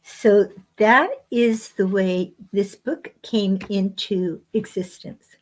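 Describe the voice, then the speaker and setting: A woman speaks as a guest author on spiritual matters. She talks in an unhurried, measured way, pausing between short phrases. Her pitch sits in an ordinary middle range. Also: fairly even intonation. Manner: slow, measured phrasing with frequent pauses. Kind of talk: spiritual teaching talk.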